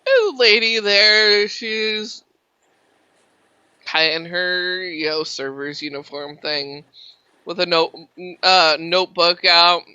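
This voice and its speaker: A woman running a tabletop game as game master, narrating in a relaxed, chatty way. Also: fairly low pitch, slow pace, smooth, no echo, lo-fi sound. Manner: relaxed, chatty, filler-heavy.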